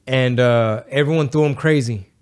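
A man's voice: mid-range voice, normal speed, clear, resonant tone. A man, co-hosting a podcast in casual, slangy chat and acting out quotes. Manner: slangy, animated storytelling with put-on quotes. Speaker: podcast co-host.

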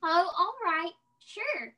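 An excitable young boy full of old-fashioned slang, played by a young actor in a high school stage play. His voice is very high, bright and animated, and he blurts out exclamations. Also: slow, full character voice.

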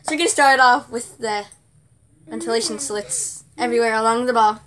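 A woman's voice: a little high, brisk, noisy background. A woman reviewing a product in casual chat, sarcastic and giggly, often exasperated.

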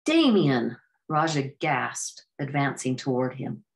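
Low-voiced woman reading a storybook. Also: moderate pace. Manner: steady reading with occasional self-corrections. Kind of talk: storybook narration.

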